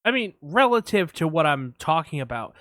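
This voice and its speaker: A man co-hosting a casual movie podcast, telling stories in an animated way, swearing often and acting out quotes. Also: on the high side, moderate pace, no room sound, clean studio sound. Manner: animated storyteller, swears a lot, acts out quotes. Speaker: podcast co-host.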